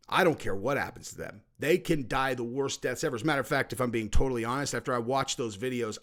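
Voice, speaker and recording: A man hosts a podcast and talks through his opinions in a long commentary monologue. His voice sits a little higher than most men's. He is emphatic, repeats his points, and acts out how other people react. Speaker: podcast host.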